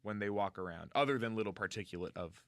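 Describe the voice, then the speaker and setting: A man's voice: on the low side, quick pace, fairly bright tone, dry recording. A man co-hosting a comedy podcast, recapping a show in a rambling way with playful sarcasm. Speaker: podcast co-host. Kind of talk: casual comedic chat.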